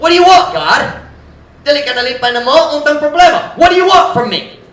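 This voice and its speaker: A man playing a sarcastic worshipper who grumbles at God, with a mocking, whiny shouting manner. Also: very high voice, a little fast, far from the mic, pitched above the performer's own voice. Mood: sarcastic, exasperated. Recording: echoey church with faint noise.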